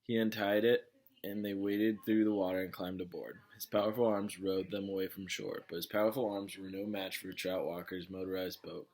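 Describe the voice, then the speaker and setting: A man with a low voice reads a novel aloud in a casual way. He stumbles now and then and goes back over his words. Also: steady tone, moderate pace, a little mellow. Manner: plain, with slips and restarts. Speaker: reader of a novel.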